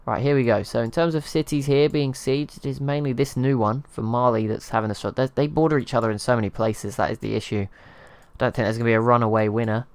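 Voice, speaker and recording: Casual male game commentator, mid pitch, dry close mic, rambling and self-deprecating. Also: steady tone, quick pace, hardly any pauses, smooth, no echo. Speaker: gaming channel host.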